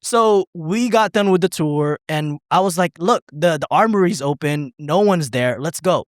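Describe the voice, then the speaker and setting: A man's voice: fairly high pitch, expressive, normal speed, dry recording, clean studio sound. A man co-hosting a podcast, telling a rambling story in casual chat, swearing, laughing and acting out what people said. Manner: rambling, profane, laughing, acts out quotes. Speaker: podcast co-host.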